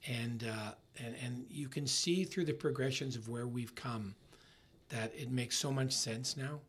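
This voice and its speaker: A middle-aged man in a casual interview, talking in halting bursts with many restarts and trailing off softly. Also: medium pitch, slightly rough. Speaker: ski resort marketing executive, guest.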